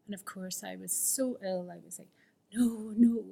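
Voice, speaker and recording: A woman gives her personal recovery testimony to a fellowship, candid and earnest, often dropping to a near-whisper. Her voice is lowish, brisk, gravelly and a little mellow.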